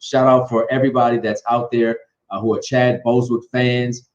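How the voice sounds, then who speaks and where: A man co-hosting a live talk show in casual chat. He rambles, restarts his sentences and leans on fillers while handing out shout-outs. His voice sits at an ordinary male pitch, and the recording sounds dull and lo-fi. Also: little pitch movement, fairly quick.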